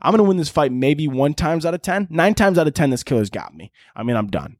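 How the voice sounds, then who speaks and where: Crude rambling comedian, dry mic. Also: male voice, mid-range voice, lively intonation, fast, few pauses, dry recording. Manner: crude, rambling, bursts into shouted voices. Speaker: podcast host. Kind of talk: comedic monologue answering listener questions.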